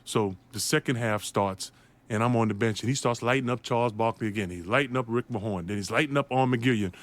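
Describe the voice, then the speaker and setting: With a mid-range male voice and a fast pace, the former hoops player tells his story in an interview with lots of laughing. He performs the voices of everyone involved.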